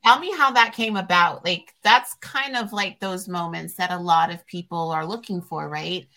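A woman's voice: on the low side, moderate pace, bright, forceful tone. A woman hosting a podcast interview, rambling and reflective as she tells her stories. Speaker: podcast host. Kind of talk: casual interview chat.

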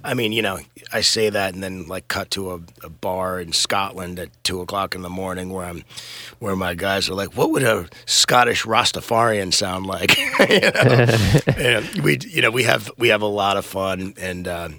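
Gravelly, bright-toned middle-aged man. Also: low voice, lively intonation, moderate pace, no room sound. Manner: laid-back, rambling, swears and laughs often. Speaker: touring musician guest. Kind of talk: casual podcast interview.

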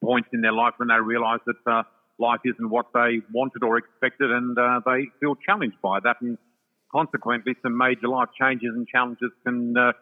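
A man's voice: medium pitch, level tone, normal speed. An older Australian man, a psychic guest, telling his story in an effusive, chatty way with many fillers. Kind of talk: casual storytelling chat. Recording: tinny phone-like line with long reverb.

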